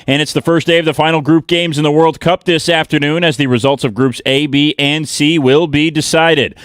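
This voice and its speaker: Man reading a brisk sports update. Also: on the high side, steady tone, fairly bright tone, clean tone, no echo, clean studio sound. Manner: brisk, read from a script. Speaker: sports news anchor. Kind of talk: scripted sports news update.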